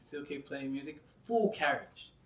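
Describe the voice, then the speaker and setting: A man giving a devotional lecture who tells stories with a lot of energy and laughs often. His voice is bright and sits fairly high for a man. The sound carries through a roomy hall from a distant mic, with a faint background hiss. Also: measured pace. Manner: lively storyteller, laughs often, frequent "you know". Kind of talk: anecdotal religious lecture.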